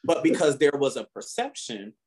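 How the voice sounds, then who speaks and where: A man co-hosting a podcast, chatting casually and telling stories animatedly, often laughing and rising in pitch when indignant. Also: moderate pace, husky. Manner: animated storytelling with frequent laughter. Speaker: podcast co-host. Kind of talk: casual chat.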